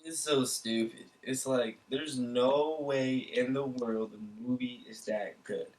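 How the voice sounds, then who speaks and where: A man's voice: mid-range voice, steady tone, takes it slowly, darkish tone, low-quality recording. A man co-hosting a casual podcast chat, ranting and swearing in exasperation. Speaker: podcast co-host.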